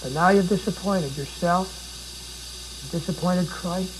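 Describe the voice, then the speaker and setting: A man's voice: sits high, a little slow, background noise. A man preaching a sermon, dramatic and pleading, with repeated rhetorical questions.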